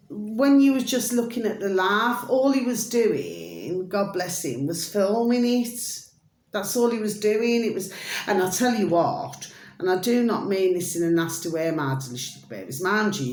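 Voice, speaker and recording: A woman's voice: on the low side, darkish tone, reverberant. A British woman vlogging in a rambling, chatty monologue, full of pet phrases and sing-song asides. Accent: British English. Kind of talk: rambling casual monologue to camera.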